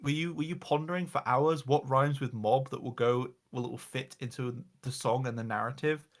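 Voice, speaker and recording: A man's voice: mid-range voice, steady tone, moderate pace. A man ranting as the reviewer, exasperated and mocking, swearing often as he goes through slides. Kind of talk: casual comedic rant.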